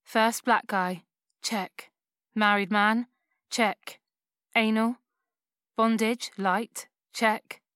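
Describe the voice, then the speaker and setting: A woman narrating an erotic audio story in a soft, unhurried first-person reading. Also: fairly high pitch, steady tone, clean tone, dry recording. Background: music.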